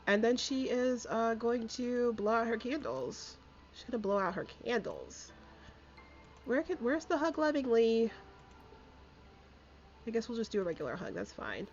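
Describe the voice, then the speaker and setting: A woman's voice: fairly high pitch, big pitch swings, lo-fi sound, faint music behind. Chatty woman narrating her gameplay. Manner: chatty, giggly, voices sims' thoughts in quick asides. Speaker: streamer. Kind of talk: casual gameplay commentary.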